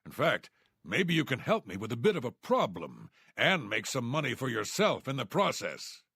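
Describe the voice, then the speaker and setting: A man's voice: medium pitch, big pitch swings, normal speed, bright, forceful tone, slightly rough, no echo, studio quality, full character voice. An actor voicing a bitter, jailed male thief who plots revenge, in a resentful, conspiratorial tone, from a fantasy video game.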